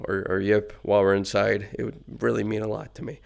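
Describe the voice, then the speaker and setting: A man's voice: fairly low pitch, little pitch movement, fairly quick, gravelly. A man improvising a comedic dad role-play while playing a VR game, swinging between coaxing and panicked outbursts. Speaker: VR game streamer.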